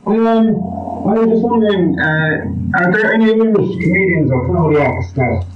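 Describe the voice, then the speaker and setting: A man's voice: high-pitched, expressive, moderate pace, a little hiss or hum. A man from Ireland with an Irish accent, calling in to a show and politely asking a question. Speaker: caller. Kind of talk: phone call-in chat. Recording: muffled, echoey, distant phone line.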